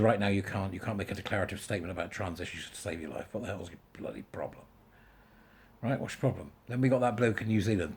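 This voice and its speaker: Bloke ranting on his vlog, really raspy voice, fed up and blunt. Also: fairly low pitch, darkish tone. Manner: exasperated, blunt, emphatic. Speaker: vlogger. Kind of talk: ranting casual monologue.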